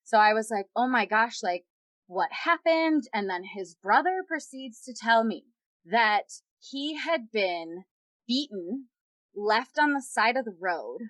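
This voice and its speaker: A woman's voice: on the high side, expressive, unhurried, fairly bright tone, no room sound. A young woman guest on a podcast, candidly retelling a personal story with lots of quoted dialogue.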